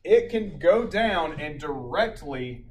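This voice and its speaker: Male paramedic instructor, slightly high voice, casual classroom lecture, distant mic in a roomy hall. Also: slow pace. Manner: animated storyteller, acts out loud shouted quotes. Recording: echoey classroom from a distant mic, faint room noise.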